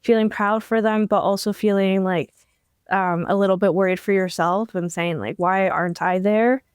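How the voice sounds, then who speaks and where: A young woman with a smooth, clear voice tells her story as a podcast guest. She talks eagerly, full of fillers and small restarts. The sound is dry and close. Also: mid-range voice, steady tone, moderate pace, no echo. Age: young adult. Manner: enthusiastic, storytelling with many fillers. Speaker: podcast guest, incoming law student. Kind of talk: casual interview talk.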